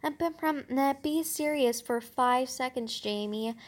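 A serious school girl, put on by a woman reading a storybook, comes across in a fairly high voice. The delivery is halting, full of restarts and fillers. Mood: insistent.

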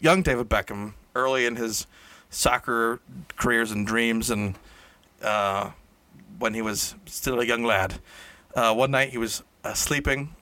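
A man spins an improvised comic tale in a loose, rambling way, stopping to fix his own words and chuckling along. His voice is bright and ringing, and the sound is close and dry with no room echo. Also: mid-range voice. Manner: rambling, self-correcting, laughs at own jokes. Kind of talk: casual improvised comic storytelling. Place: indoor room shared with a co-host.

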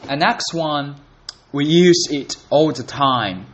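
Man, unhurried and chatty, for a casual solo learning podcast. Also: fairly high pitch, lively intonation. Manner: unhurried, chatty, repeats words to practice. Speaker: podcast host learning Italian.

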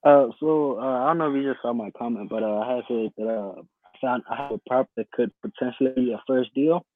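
A man's voice: medium pitch, quick pace. Hesitant man on a tinny call line. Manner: hesitant, many uhs. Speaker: caller. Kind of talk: casual call-in chat. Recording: tinny phone-like call audio.

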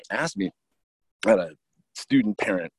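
A man's voice: on the low side, wildly swooping pitch, takes it slowly, breathy edge, no echo. A man, a teacher, telling blunt, profane, rambling stories in a casual interview.

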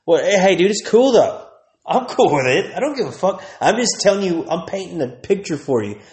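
A man's voice: high voice, very animated, fairly quick, darkish tone, reverberant. Crude rambling man in his thirties. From Texas. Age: 30s. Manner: crude, rambling, laughs often. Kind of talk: profane comedic rant.

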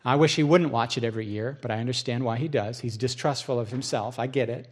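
A middle-aged pastor preaches a sermon in a mid-range voice at a quick pace. He tells stories, acts out both sides of a conversation, and lowers to a hush for solemn moments.

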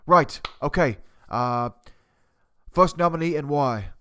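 A man's voice: fairly high pitch, takes it slowly, fairly bright tone, a little hiss or hum. A man impersonating a furious, foul-mouthed male TV head chef who barks insults and clipped commands at cooks. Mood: clipped interrogating. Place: home basement. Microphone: cheap desktop USB mic.

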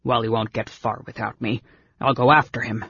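Guy doing a big blustery warrior man, shouty and grumbly, a bit lower than his normal voice, husky gravelly tone, dull dry old recording. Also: little pitch movement, moderate pace, no echo. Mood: grumbling. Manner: shouting, exasperated. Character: big blustering male warrior, worried and gruff.

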